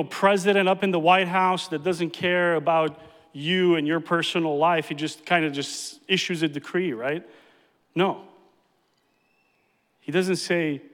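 A man's voice: sits high, fairly bright tone. A man pastor preaching a sermon, emphatic and repeating key phrases for effect. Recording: reverberant hall.

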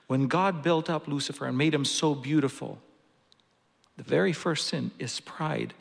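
Gravelly-voiced man preaching in a hall. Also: mid-range voice, a bit bright. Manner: earnest, personal storytelling with restarts. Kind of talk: sermon with a personal story. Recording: long reverb of a large hall.

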